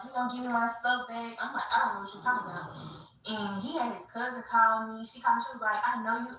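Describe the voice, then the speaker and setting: Woman, livestream host, animated slangy storytelling, bright voice, echoey room, distant mic. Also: on the high side, a little hiss or hum. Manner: animated, slangy, addresses viewers as y'all. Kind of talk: casual storytelling to viewers.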